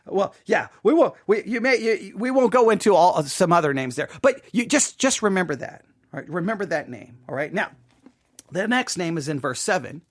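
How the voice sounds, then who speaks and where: A man's voice: high voice, big pitch swings, normal speed, no echo, clean studio sound. A man teaching a Bible passage in a loose, conversational way, often restarting words and checking in with "all right?".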